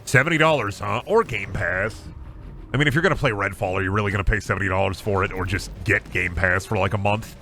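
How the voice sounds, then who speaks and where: A man's voice: fairly low pitch, fast, pushed and bright, soft background music. A male streamer giving casual gaming commentary, rambling and swearing freely.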